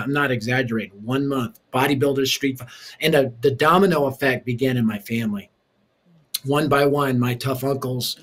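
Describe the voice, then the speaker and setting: A male preacher and author recounts his life story as an interview guest, with a lively, punchy delivery and bits of humor. His voice is mid-range and slightly rough.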